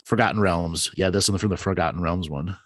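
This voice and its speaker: A man's voice: sits low, a little fast, fairly bright tone, no echo, studio quality. A man hosting a casual live call-in chat, rambling and enthusiastic, often restarting his words. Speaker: show host.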